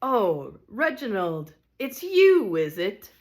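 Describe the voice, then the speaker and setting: A woman's voice: sing-song, takes it slowly. A woman reading an audiobook, voicing a possessive, grieving mother's ghost who speaks sharply and snappishly. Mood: longing. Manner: sharp, snappish, rising to shrill.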